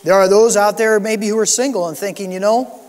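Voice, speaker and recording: A male pastor delivers an earnest sermon in a noticeably high voice. He lifts his voice for emphasis, then sinks low and quiet to drive a point home. The sound carries a long reverb from the church hall. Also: steady tone, brisk. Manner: earnest preaching, rising and dropping to soft emphasis. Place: church sanctuary.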